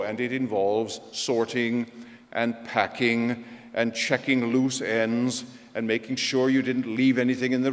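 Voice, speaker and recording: A male pastor preaching a sermon, telling stories with self-deprecating humor. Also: medium pitch. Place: large church. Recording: echoey church hall.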